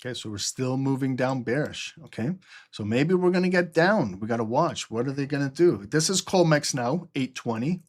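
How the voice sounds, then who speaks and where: A man hosting a trading livestream, explaining the market live and often checking in with "okay?" while answering viewer chat. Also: medium pitch.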